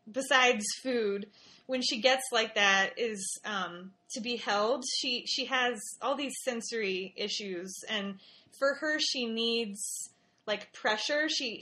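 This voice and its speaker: A woman speaks as an interview guest in a bright, fairly high voice. She talks casually and emotionally and often repeats words as she tells her story. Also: slow.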